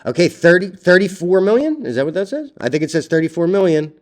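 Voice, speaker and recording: A young man runs his own stock market video, ranting through charts bluntly, swearing, and restarting his sentences often. His voice sits high and sing-song, and he talks fast.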